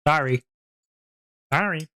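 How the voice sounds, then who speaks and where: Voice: mid-range voice, slow pace, sharp tone, dry recording. A streamer in casual stream chat, playful and rambling, with frequent giggles, talking into a home streaming mic.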